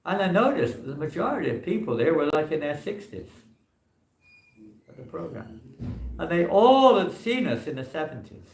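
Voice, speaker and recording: A man's voice: on the high side, very animated, moderate pace. A man, a monk, giving an informal scripture class in a temple hall, talking in a loose, rambling way full of "you know" fillers.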